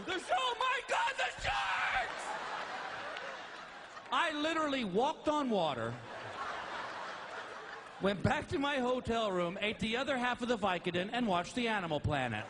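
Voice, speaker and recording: Male stand-up comic, very high voice, wildly lively delivery, shouted rants. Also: noisy background. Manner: animated storytelling with shouted outbursts. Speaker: stand-up comedian. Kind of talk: stand-up comedy. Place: stage before a live audience.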